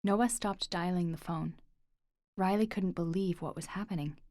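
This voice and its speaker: With a fairly low pitch, this woman reads audiobook narration from a script, keeping it steady and measured. The sound is clean studio audio with no echo.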